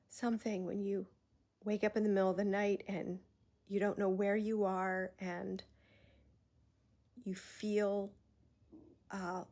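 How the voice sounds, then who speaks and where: A woman talking in a reflective personal vlog, earnest and emotional, pausing often and sighing. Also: mid-range voice, darkish tone. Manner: slow, heartfelt, pausing often with sighs. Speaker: vlogger.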